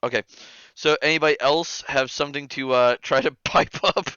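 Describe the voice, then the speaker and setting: A man running a tabletop game as game master, relaxed, with frequent laughter and fillers. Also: mid-range voice, moderate pace, clear, resonant tone, no echo, dull audio.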